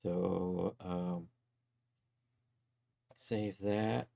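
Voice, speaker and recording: Brief: easygoing male streamer with a lower voice, narrating his work as he goes and bantering with viewers. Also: fairly even intonation, very slow, vocal fry. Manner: chatty, talks to viewers and to his software while working, chuckles often. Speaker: 3D artist livestreaming his work. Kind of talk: casual live-stream commentary.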